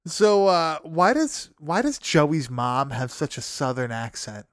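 Young guy, smooth clear voice, loose profane movie-recap chatter, dry close mic. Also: on the high side, slow, no echo. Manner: profane, laughing, rambling recap full of fillers. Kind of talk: casual movie recap chat.

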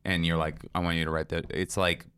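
Deep smooth-voiced earnest man. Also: little pitch movement, a bit bright. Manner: earnest, thoughtful, a bit halting. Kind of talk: casual podcast chat.

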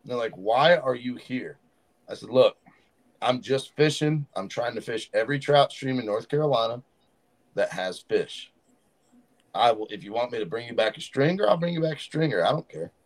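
A man's voice: mid-range voice, brisk. A man, a fishing guide telling stories in casual podcast chat and acting out the locals he meets. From Southern United States. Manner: animated storyteller who acts out quoted locals. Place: podcast studio.

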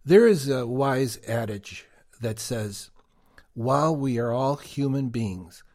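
A man co-hosting a podcast, giving prepared commentary in a deliberate, emphatic way. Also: mid-range voice, lively intonation, darkish tone. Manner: slow, deliberate, emphatic delivery. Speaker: podcast co-host.

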